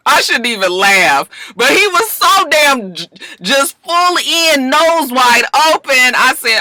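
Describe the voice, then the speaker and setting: A woman vlogger casually recapping a TV episode, animated and sassy, acting out the characters in different voices. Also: high-pitched, slow pace, no room sound.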